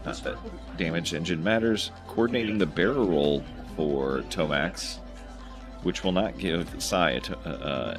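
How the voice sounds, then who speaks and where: A man giving casual play-by-play commentary on a tabletop miniatures game, calmly explaining each move. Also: a bass voice. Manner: relaxed, explains moves step by step.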